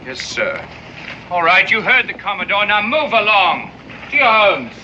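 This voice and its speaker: A dutiful army corporal. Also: male voice, high voice, big pitch swings, a little slow, pushed and bright, heavily acted. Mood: ordering. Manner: deferential to superiors, gruff with civilians. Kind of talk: 1960s television drama acting. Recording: dull old TV soundtrack with background noise.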